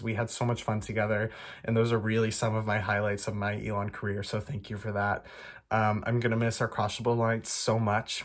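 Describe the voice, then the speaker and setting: Young male student, wry teasing farewell, casual, mid-range voice. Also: medium pitch. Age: young adult. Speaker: acting student. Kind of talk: recorded farewell message.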